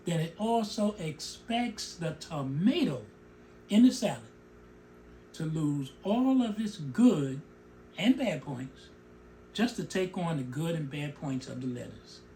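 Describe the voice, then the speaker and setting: A middle-aged man talks in an animated, emotional way, his pitch leaping up and down as he makes his points. He keeps breaking off into asides about his own words before pressing on. There is faint noise behind him. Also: takes it slowly. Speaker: show host. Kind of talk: opinion commentary monologue.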